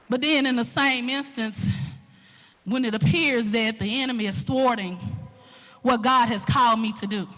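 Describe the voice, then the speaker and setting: Southern woman preacher, high bright voice, animated, hushed to shouting. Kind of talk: sermon.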